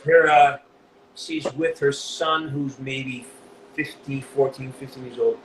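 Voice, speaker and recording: A man's voice: medium pitch, steady tone. Emotional man telling a story in an echoey room. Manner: emotional, swears freely, halting restarts. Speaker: voice actor guest. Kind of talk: casual storytelling interview. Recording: echoey room with faint background noise.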